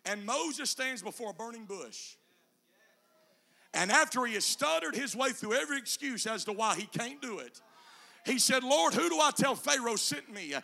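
A man preaching a sermon, moving between quiet low teaching passages and shouted, sung climaxes with an "uh" before each phrase. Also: animated, normal speed, gravelly. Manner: whooping preacher cadence, "uh" between chanted phrases.

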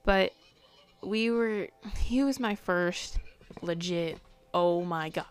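This teenage girl hosts her own podcast, speaking slowly in a lowish, clear, resonant voice. It's a confessional late-night monologue, and she sounds tired and yawns, hesitant and soft-spoken, often trailing off into a whisper.

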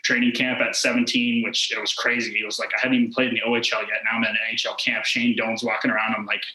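Talking fast with a flat delivery, a twenties-aged ex-hockey player tells his story in a relaxed interview. He rambles, saying "like" constantly and quoting dialogue, while a crowd can be heard in the background of the echoey room.

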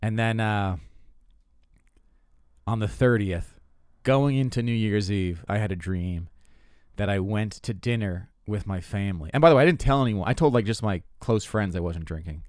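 A man's voice: on the low side, normal speed, a little mellow, dry recording, studio quality. A man in his twenties, a comedian and host, telling stories in a rambling, profane, self-mocking way, full of restarts. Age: 20s. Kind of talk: casual comedic monologue.

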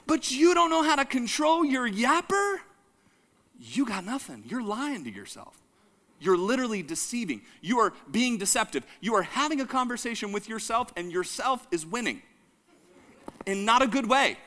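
Animated preacher man. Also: very high-pitched, moderate pace. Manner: animated, calls the congregation to repeat lines; jokes and laughs with the audience. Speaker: pastor. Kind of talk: sermon.

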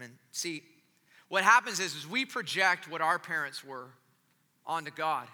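A man preaching a sermon as a pastor, casual and joking, swinging from loud storytelling to quiet, intimate asides. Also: a little high, lively intonation, a little slow, in a large hall. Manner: casual, joking delivery with slang and restarts.

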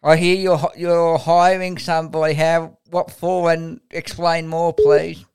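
Man with a very smooth voice. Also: a little high, flat delivery, unhurried, darkish tone. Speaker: podcast host. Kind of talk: interview questions.

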